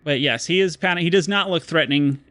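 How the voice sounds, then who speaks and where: A man running a tabletop role-playing game as game master, narrating descriptively and slowing down for dramatic moments. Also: a little high, fairly bright tone, dry recording.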